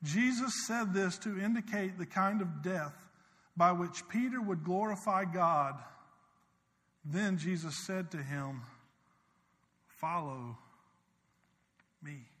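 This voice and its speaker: A man preaching a sermon as pastor. He rises to loud, urgent swells and drops to quiet, intimate passages. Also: high voice, measured pace. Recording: long hall reverb.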